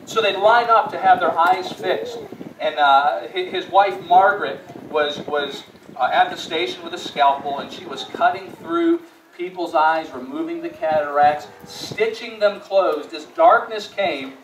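A male pastor preaching a sermon in a church sanctuary, with a fairly high voice. He moves between quiet storytelling and rising, emphatic calls, and often repeats words as he restarts a phrase. The sound is echoey and a little distant, with a faint hiss behind. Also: sing-song, measured pace. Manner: swings from hushed storytelling to rising emphatic appeals.

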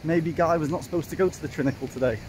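A man from Wales vlogs his hike up a hill on a handheld phone, talking fast in a high-side, slightly mellow voice. He's chatty and pokes fun at himself, calls viewers folks, and gets out of breath on the climb, with wind and ambient noise in the background.

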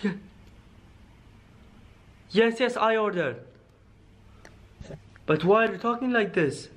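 A man's voice: high voice, slow, a bit bright, a little hiss or hum. A man filming a skit, talking to viewers in a jittery, spooked way. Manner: addressing viewers as guys, nervous and spooked. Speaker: video creator filming a skit. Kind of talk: scripted horror skit, talking to camera.

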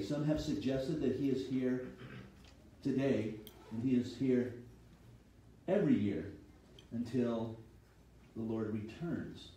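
A man's voice: medium pitch, mellow, far from the mic, a little hiss or hum. A man preaching a sermon as a pastor, teaching steadily and reading scripture aloud. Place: church sanctuary. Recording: echoey hall, voice from off-mic.

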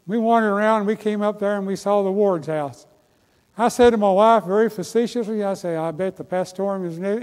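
An older pastor preaches in a folksy, storytelling way and pushes toward fervent exhortation. His voice sits high for a man. The sermon rings through a church with a long, lingering reverb. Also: a little mellow. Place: church sanctuary.

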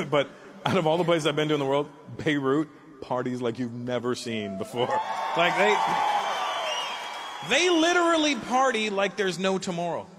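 A man's voice: fairly high pitch, big pitch swings, normal speed. A man doing a brash, profane stand-up set, working the crowd on a live stage with a handheld mic. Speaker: stand-up comedian. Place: comedy stage before a live audience. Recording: live show with loud crowd and noise.

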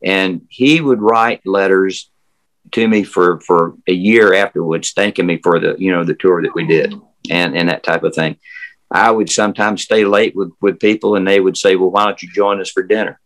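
An older man with a Southern American accent, formerly a historic house guide, spins folksy, rambling tales in a casual interview, stumbling through fillers and restarts. His voice is deep and paced normally, though the remote video call audio is poor.

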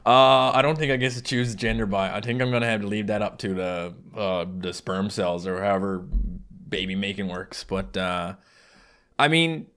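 A man's voice: on the low side, normal speed, a bit bright, clear, resonant tone. A man from Newfoundland with a Newfoundland accent, chatting casually to his viewers in a rambling, self-deprecating way full of fillers and restarts. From Newfoundland, Canada. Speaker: YouTuber answering fan questions. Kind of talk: casual chat.

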